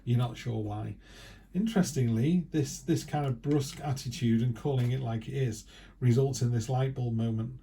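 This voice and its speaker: Chatty guy doing a tarot reading, really mellow low-toned voice, faint hum behind. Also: moderate pace, vocal fry. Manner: chatty, acts out quoted remarks in other voices. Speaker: tarot reader. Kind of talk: casual spoken tarot reading.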